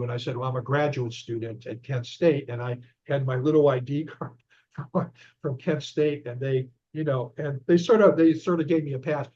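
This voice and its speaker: A man's voice: mid-range voice, darkish tone. A man recounting a long personal story as a guest in an interview, rambling with frequent restarts. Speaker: guest author and investigator. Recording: dull lo-fi audio.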